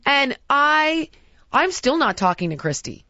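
Animated woman ranting, dry muffled sound. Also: high voice, measured pace, dry recording. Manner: animated, exasperated, acts out quotes. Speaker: podcast host. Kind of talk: casual storytelling chat.

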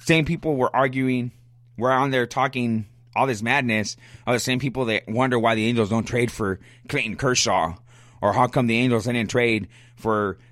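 A man's voice: medium pitch, fairly even intonation, normal speed, a bit bright, no room sound. A man hosting a solo sports podcast gets worked up as he argues with his listeners. He is blunt and repeats his points, and he coughs now and then. His voice sits in a middling range, and the close mic leaves the sound dry, with no room in it. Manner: fired-up, blunt, argumentative, repeats himself. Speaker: podcast host.

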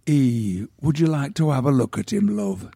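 A man's voice: mid-range voice, animated, moderate pace, vocal fry, mellow. A man putting on a homely northern English villager. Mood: hushed, kindly. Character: bereaved working-class northern English villager.

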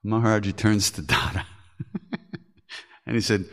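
A man's voice: lowish voice, steady tone, a little slow, pauses often. An older man hosting a podcast, telling spiritual stories candidly, laughing often and swearing casually. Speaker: podcast host. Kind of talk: reflective spiritual storytelling.

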